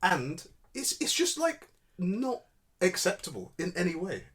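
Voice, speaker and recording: A man's voice: high-pitched, wildly swooping pitch, unhurried, fairly bright tone. A man co-hosting a podcast, insisting on his point in casual sibling banter and swearing now and then. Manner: insistent and emphatic, swears, quotes his own reactions. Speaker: podcast co-host.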